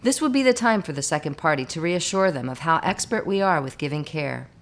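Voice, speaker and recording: A woman reading scripted narration for a hospital staff training video, measured and instructive. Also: low voice, expressive.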